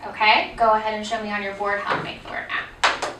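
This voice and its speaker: A woman's voice: medium pitch, flat delivery, fairly quick, recorded from a distance, very noisy. A woman presenting a teacher training workshop on reading, explaining patiently with frequent ums. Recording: echoey room, voice off-mic.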